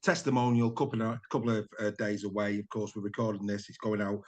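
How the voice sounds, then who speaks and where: A man's voice: lowish voice, flat delivery, fast, darkish tone. A man hosting a casual interview, upbeat and leading his guest with tag questions. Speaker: podcast host.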